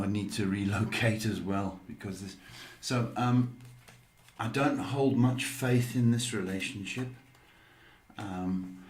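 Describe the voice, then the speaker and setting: A man's voice: fairly low pitch, darkish tone, roomy sound. A man giving psychic readings on a live stream, talking with many hesitant ums. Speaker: psychic reader.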